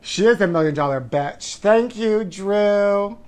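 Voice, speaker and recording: A man's voice: high voice, expressive, a little slow. A man in his forties hosting a live stream, campy and theatrical, calling viewers honey and whooping as he chats through their comments. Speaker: host.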